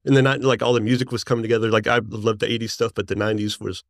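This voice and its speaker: A man in his forties, a musician guest, telling stories in a rambling, excited way and laughing often. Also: on the low side, rapid-fire, dry recording, clean studio sound. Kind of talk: casual storytelling.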